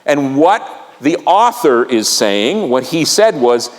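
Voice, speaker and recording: A man's voice: medium pitch, very animated, slow pace. A male pastor preaching a sermon with vivid storytelling, drawing the congregation into the reading. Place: church sanctuary. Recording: long reverb of a church sanctuary.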